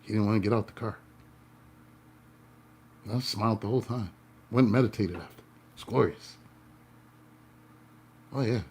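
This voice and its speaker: A man, a tarot reader and life coach, telling a story to his viewers in a playful way, swinging between loud and hushed and laughing often. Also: fairly low pitch, normal speed, pauses often, slightly rough.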